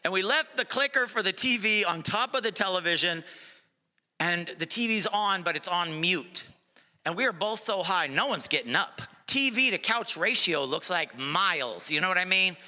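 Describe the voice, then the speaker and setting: High, lively, bright-voiced male comic. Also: moderate pace. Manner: loose, joking, playful crowd banter. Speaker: stand-up comedian. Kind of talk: stand-up comedy set. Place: comedy club stage before a live audience.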